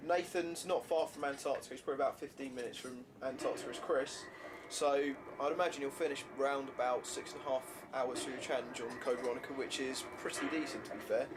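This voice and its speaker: A man's voice: medium pitch, steady tone, quick pace, noisy background. A man casually commentating on his own gameplay, swearing now and then at setbacks. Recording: game music under the voice.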